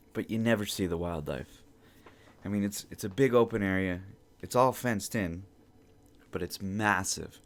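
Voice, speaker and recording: A man with a fairly low voice tells a loose, rambling story on his podcast. He swears freely and circles back over his own words as he talks from home. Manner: profane, rambling, repeats himself. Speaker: podcast host. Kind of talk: casual storytelling monologue.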